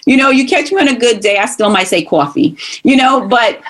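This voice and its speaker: A woman from Brooklyn, New York, with a New York accent, talking as a podcast guest in an emphatic, animated way and often acting out quoted voices. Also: on the high side, fairly quick. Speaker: guest, former college instructor. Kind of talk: casual interview chat.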